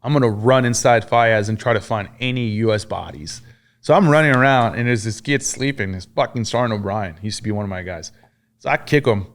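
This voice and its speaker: A man's voice: mid-range voice, lively intonation, a little fast. A man from France, a podcast guest and army veteran, telling war stories in casual conversation, cursing freely and acting out what others said. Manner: profane, acts out quoted dialogue.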